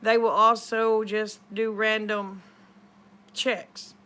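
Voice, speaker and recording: A woman's voice: medium pitch, flat delivery, slow, bright, forceful tone. A middle-aged woman, retelling a conversation in a chatty, rambling way. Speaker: vlogger. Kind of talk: casual storytelling.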